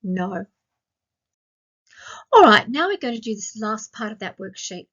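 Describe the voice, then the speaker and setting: A woman's voice: medium pitch, sing-song, fairly bright tone, highs cut off, a little hiss or hum. Australian woman teaching young kids. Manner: slow, clear, sing-song teacher questions to children. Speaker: primary school teacher. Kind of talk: recorded online grammar lesson for young children.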